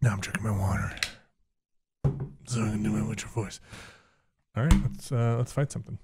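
A man's voice: fairly low pitch, fairly quick, background noise. A young man giving loose, chatty commentary while playing a video game, swearing now and then. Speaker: game streamer. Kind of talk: casual let's play commentary.

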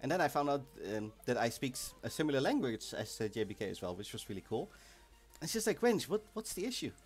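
A man hosting a live game stream, chatting casually and excitably, sometimes bursting into shouts. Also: mid-range voice, fast talker, slightly rough. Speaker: livestream host of an online game event. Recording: faint music in the background.

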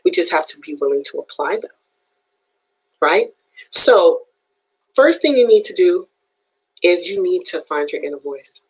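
A woman giving an animated, emphatic motivational talk on a live stream, often checking in with her viewers. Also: fairly low pitch, a little slow, pauses often, slightly rough, poor audio. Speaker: motivational speaker.

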